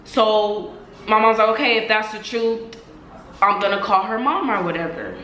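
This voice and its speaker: A woman's voice: mid-range voice, normal speed, bright, forceful tone, echoey room, slight background noise, rough recording. A young woman telling a story in a casual vlog. She talks animatedly, acts out the voices of the people in it and says "like" a lot. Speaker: vlogger.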